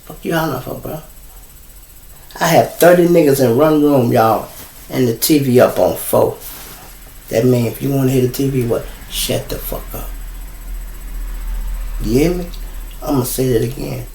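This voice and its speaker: A man's voice: medium pitch, moderate pace, vocal fry, long pauses, darkish tone, slight background noise. A middle-aged man with a Chicago accent hosts a casual livestream monologue, blunt, profane and preachy as he lectures his viewers. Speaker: show host. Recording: roomy echo.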